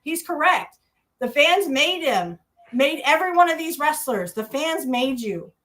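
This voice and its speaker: A woman's voice: sits high, big pitch swings, unhurried, fairly bright tone. A woman co-hosting a casual wrestling review podcast, talking bluntly with swearing and mocking rants. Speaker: podcast co-host.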